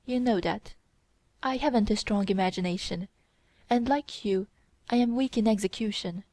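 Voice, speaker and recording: A woman's voice: mid-range voice, normal speed, darkish tone, no room sound, natural voice. Woman voicing icy domineering young lady, scornful and commanding, dry close audiobook voice. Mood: contemptuous. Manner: cold and commanding. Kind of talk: audiobook character reading.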